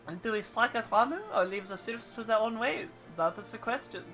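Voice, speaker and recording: A woman reading aloud as a formal, measured male military commander from a video game, with faint game music behind her. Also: on the high side, a bit bright, voice pushed up, close to an everyday voice, rough recording. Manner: reads quest dialogue aloud in a formal, deliberate tone.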